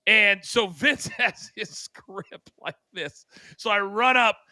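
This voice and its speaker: An older man spins a backstage story with theatrical energy, acting out sound effects as he goes. His voice is bright, forceful and a bit high, and it sits dry and close on the mic. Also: takes it slowly, no echo. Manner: dramatic, acts out scenes and sound effects. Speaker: co-host. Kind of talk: animated storytelling.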